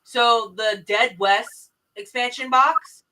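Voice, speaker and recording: Bright-voiced woman, heard from afar. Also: on the high side, slow pace, far from the mic, poor audio. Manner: counting and pointing out contents out loud. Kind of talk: casual chat.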